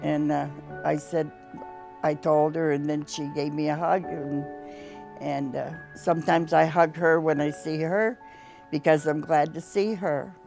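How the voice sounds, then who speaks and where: A woman's voice: deep voice, steady tone, creaky, darkish tone, faint music behind. A woman who is a cancer patient, speaking hesitantly in an interview. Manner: hesitant, halting. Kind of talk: interview testimony.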